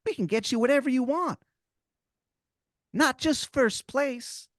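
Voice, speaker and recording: A man voicing a grinning cartoon tooth creature who tempts with high, wheedling promises. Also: measured pace, fairly bright tone, dry recording, clean studio sound.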